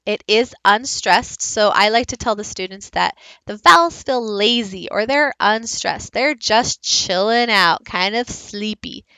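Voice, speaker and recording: A woman giving a recorded teaching presentation, explaining slowly and modelling speech sounds aloud. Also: mid-range voice, animated, pushed and bright, clear, resonant tone, no room sound, rough recording. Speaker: teacher leading a book study.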